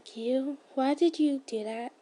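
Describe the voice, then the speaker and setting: A woman voicing a gentle young female demon who speaks in soft, halting pleas. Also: sits high. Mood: pleading.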